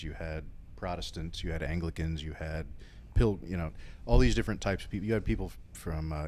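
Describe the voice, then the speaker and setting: Deep-voiced man explaining at length. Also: a little mellow, slight background noise. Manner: explains history at length, with filler words. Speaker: co-host. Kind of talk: casual political talk show chat.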